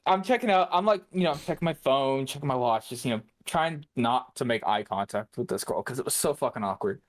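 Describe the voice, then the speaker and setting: A man's voice: mid-range voice, expressive, a little fast. A man co-hosting a podcast, telling a profane story in casual chat. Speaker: podcast co-host.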